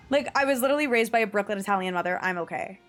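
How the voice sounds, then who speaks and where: A young woman from the New area, chatting casually to her stream viewers, swearing freely and laughing often. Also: medium pitch. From New York / New Jersey area. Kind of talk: casual chat to viewers while gaming.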